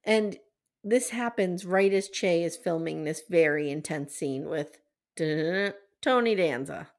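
A woman hosting a podcast, casually recapping a TV episode and acting out the characters' quotes in a lively way. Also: fairly low pitch, a little slow. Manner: animated retelling, acts out quotes. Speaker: podcast host.

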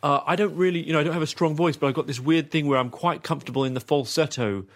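A man chatting casually on a podcast, hesitant and self-mocking, who breaks into a high falsetto. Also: fast talker.

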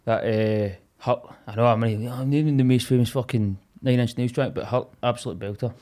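A young Scottish man chatting as a podcast guest, swearing freely and laughing through animated stories. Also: medium pitch, normal speed. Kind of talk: casual chat.

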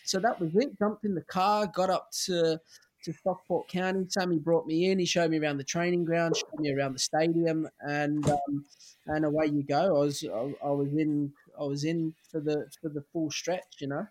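An Australian man in his forties, a guest on a chat podcast, relaxed and anecdotal. His voice sits a little higher than most men's. He talks candidly, with plenty of fillers and the odd swear word. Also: normal speed. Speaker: podcast guest, former footballer.

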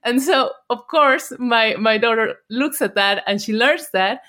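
A woman's voice: a little high, measured pace. Laughing woman with a Mexican accent. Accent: Mexican Spanish. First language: Spanish. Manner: laughs often, animated storyteller. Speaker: guest. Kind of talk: casual interview chat.

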